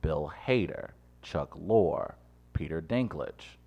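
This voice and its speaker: Deep-voiced man arguing his point. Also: vocal fry. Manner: animated, rushes when making a point. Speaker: podcast co-host. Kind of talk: casual panel chat.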